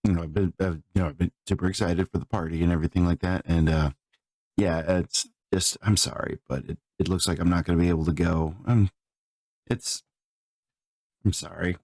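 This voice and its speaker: A man's voice: low-pitched, fairly even intonation, a little fast, darkish tone, no echo. A man making a comedic apology as a guest, rambling and hesitant with lots of filler. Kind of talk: comedic sketch chat.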